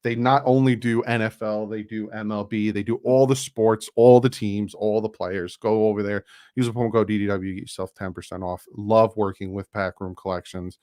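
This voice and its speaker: A man hosts a casual live stream in a fairly low voice. He talks in a loose, chatty way, reading out viewer donations and rattling off sponsor plugs. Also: fairly even intonation, normal speed, a little mellow. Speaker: YouTube streamer and channel host.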